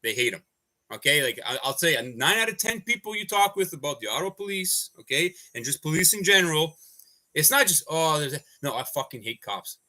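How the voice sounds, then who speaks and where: A man's voice: a little high, very animated, brisk, pushed and bright. Heated, profane man ranting. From Canada. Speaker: activist livestreamer. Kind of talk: livestream rant.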